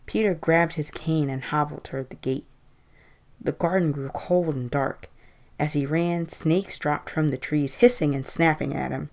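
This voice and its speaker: A woman reading a Halloween horror story aloud in an even, measured way. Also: deep voice.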